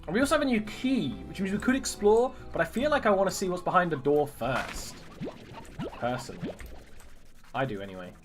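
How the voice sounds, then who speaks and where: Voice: medium pitch, brisk, soft background music. A game streamer chatting casually while playing, joking around and trying out silly accents. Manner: chatty, animated, jokes about doing accents. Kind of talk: casual live-stream commentary.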